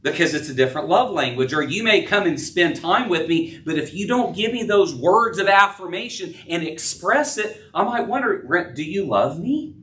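A middle-aged man preaching a sermon as pastor, earnest, rising and dropping in pitch and loudness. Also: animated, normal speed, few pauses. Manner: earnest preaching, rises and drops in pitch and volume. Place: church sanctuary. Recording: echoey room, voice from a distance.

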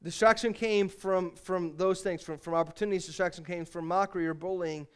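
A man's voice: high-pitched, steady tone, brisk, clean tone. A man preaching a sermon as pastor, earnest and repetitive, leading the congregation in a spoken refrain. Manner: earnest, repeats phrases, leads the congregation in a refrain.

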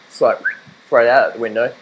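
A man's voice: medium pitch, steady tone, normal speed, husky, low-quality recording. A young Australian man in a casual vlog, rambling and laughing as he talks to his dog and argues his point. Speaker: vlogger. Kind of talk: casual rant to camera.

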